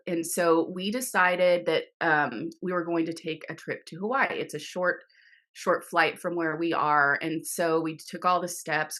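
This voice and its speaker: Animated middle-aged woman telling a story. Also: lowish voice. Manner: animated, laughing often, many restarts and fillers. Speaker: author guest. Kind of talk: casual interview storytelling. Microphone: video call.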